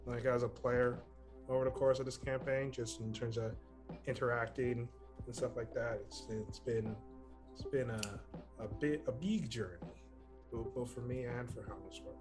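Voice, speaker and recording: A young man, one of the players, saying a halting goodbye with many restarts. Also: medium pitch, steady tone. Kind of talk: casual goodbye on a stream. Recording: faint music behind.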